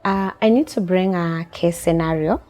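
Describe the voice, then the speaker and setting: A woman hosts a talk show and puts long questions to her guest, slipping in hesitant fillers as she goes. Her voice is mellow and a little low. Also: moderate pace.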